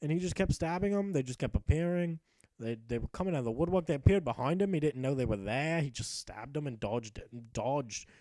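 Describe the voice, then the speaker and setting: Man, high voice, mellow tone, mock-epic game narrator, sarcastic and profane. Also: expressive, fairly quick, no echo. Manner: sarcastic, profane, joking asides. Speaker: gameplay narrator.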